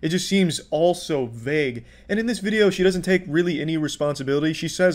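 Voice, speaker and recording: A man's voice: on the high side, brisk, few pauses. A man giving profane, sarcastic commentary, exasperated as he mocks what he has watched. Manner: sarcastic, exasperated, swears freely. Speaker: commentary youtuber.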